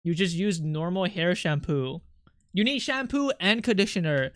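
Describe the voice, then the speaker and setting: A man's voice: sits high, lively intonation, moderate pace, a bit bright, dry recording, clean studio sound. A young man streaming his art, chatting casually with his chat in an irritable, snappy way, swearing and venting.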